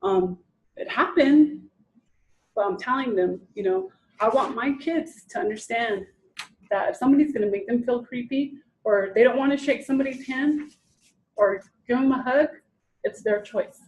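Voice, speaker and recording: A woman's voice: on the high side, moderate pace, a little mellow, dull audio. Woman trainer lecturing conversationally. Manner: conversational, restarts sentences, acts out quotes. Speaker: presenter at a training session. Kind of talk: informal lecture to an audience.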